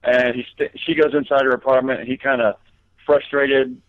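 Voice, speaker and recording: A man's voice: mid-range voice, little pitch movement, normal speed, no echo. Rambling man on a tinny phone line. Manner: rambling, many fillers and restarts. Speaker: guest comedian. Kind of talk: casual storytelling interview.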